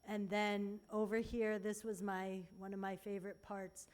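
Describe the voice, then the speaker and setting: A woman telling a church congregation about a mission trip over slides, earnest and heartfelt, sometimes dropping to a hush. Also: medium pitch, completely flat delivery, unhurried. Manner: earnest and heartfelt, with soft hushed moments.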